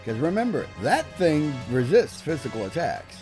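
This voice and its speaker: A man's voice: on the high side, very animated, moderate pace, a little mellow. A man giving casual gameplay commentary with offhand, joking asides. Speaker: let's play host. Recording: game music playing underneath.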